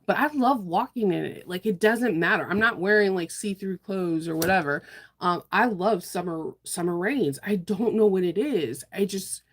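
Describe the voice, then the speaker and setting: A woman's voice: medium pitch, moderate pace. A woman hosting a sewing livestream, chatting casually, laughing often and answering viewers' comments as she works.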